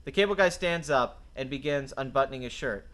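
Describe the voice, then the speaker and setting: A man's voice: medium pitch, brisk, a bit bright. A man reading stage directions and dialogue aloud in a script read-through, narrating action. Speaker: script reader.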